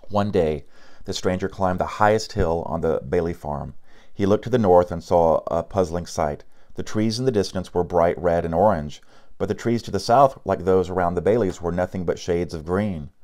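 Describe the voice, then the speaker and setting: A man with a low voice reads a picture book aloud. His pace is steady and unhurried, with a few slips and restarts along the way. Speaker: narrator.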